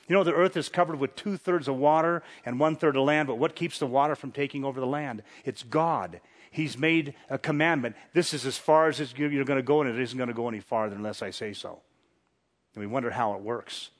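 Animated preacher man, slightly high voice. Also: moderate pace. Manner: animated, rhetorical questions, dramatic scripture reading, chuckles. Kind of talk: sermon, Bible exposition.

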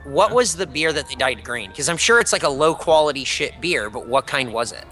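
A man from California jokes crudely and teases his friends. His voice is sharp and bright. Faint music runs behind him. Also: fairly high pitch, lively intonation, brisk. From California, USA. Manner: crude, teasing. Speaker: podcast co-host. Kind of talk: casual chat.

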